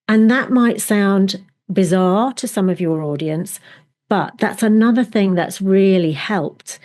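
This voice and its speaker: A woman's voice: medium pitch, a little slow, a little mellow. A middle-aged woman coach, a podcast guest, telling stories with enthusiasm and acting out little inner voices. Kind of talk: conversational interview.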